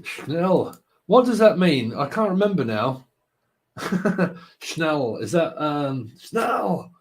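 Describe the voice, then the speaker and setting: A man's voice: fairly high pitch, sing-song, slow pace. A man hosting a live tarot stream, chatting casually with viewers, joking and laughing often. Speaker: tarot livestream host.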